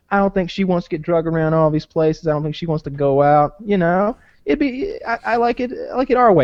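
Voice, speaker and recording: A man's voice: on the high side, a little mellow, dry recording. Rambling, profane male podcast host. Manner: rambling, profane, full of "like" fillers. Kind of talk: casual podcast chat. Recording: dull dry lo-fi podcast audio.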